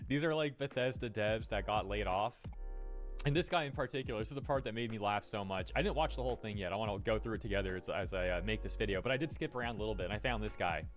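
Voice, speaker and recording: A man's voice: fairly low pitch, fast talker, soft background music. A man casually talking to camera in a vlog, amused and chatty. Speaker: video creator being reacted to.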